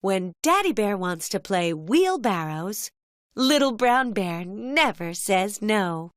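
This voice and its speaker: A woman telling a children's cartoon story as narrator, in a gentle storybook manner. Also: medium pitch, sing-song, takes it slowly, dry recording, studio quality.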